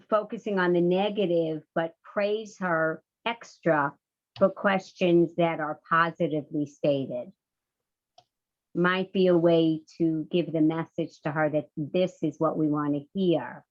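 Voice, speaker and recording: Moderator, woman, low and unhurried, soft-spoken, on muffled video-call sound. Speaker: webinar moderator.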